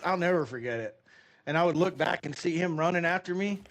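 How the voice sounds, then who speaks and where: A middle-aged man streaming a game, telling rambling, animated stories in a casual way with many fillers. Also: fairly high pitch, fairly quick. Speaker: gaming streamer. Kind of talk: casual storytelling while playing a game.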